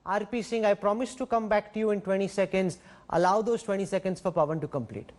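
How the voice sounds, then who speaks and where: A man's voice: high voice, quick pace, a little mellow. A man from India moderating a heated TV news debate, asking pointed questions and firmly stepping in to keep order.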